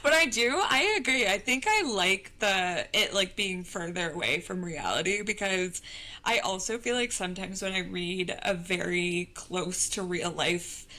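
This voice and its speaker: A woman's voice: fairly low pitch, animated, measured pace, bright, forceful tone. A young woman co-hosting a book podcast, chatting casually with lots of "like" and frequent laughs. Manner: chatty, filler-heavy, laughs often. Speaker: podcast co-host.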